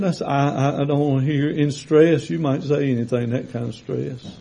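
A man preaching a sermon to his congregation in a folksy, conversational way, swelling to loud, drawn-out emphasis when he reads scripture. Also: on the high side, gravelly, breathy edge, rough recording. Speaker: pastor. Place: church sanctuary with congregation.

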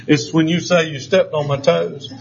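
A man's voice: a little high, steady tone, moderate pace, creaky. Older man, folksy joking preacher, church sermon, dull lo-fi recording. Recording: slightly dull lo-fi sound.

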